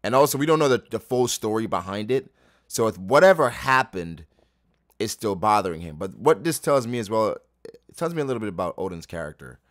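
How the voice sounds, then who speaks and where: Casual low-voiced man reacting to a manga. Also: big pitch swings, fairly quick. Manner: casual, profane, thinking aloud. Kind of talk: live reading and reaction.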